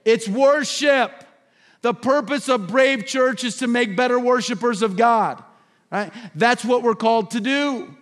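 A male pastor delivering a sermon in a church sanctuary. He pushes up to loud, emphatic peaks, then falls back to hushed, intimate asides. His voice sits high and carries a long reverb tail from the hall. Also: a little slow. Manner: preaching with swelling emphasis and sudden drops to a hush.

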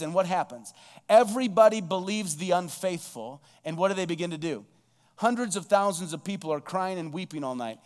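High-voiced man preaching a sermon. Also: a little fast, long reverb tail. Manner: preaching with rhetorical questions, quoting scripture. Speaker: pastor.

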